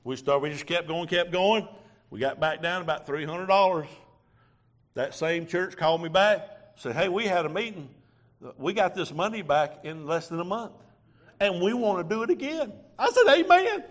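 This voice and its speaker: A preacher, telling a sermon testimony in a folksy storytelling way with quoted dialogue. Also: male voice, high voice, moderate pace.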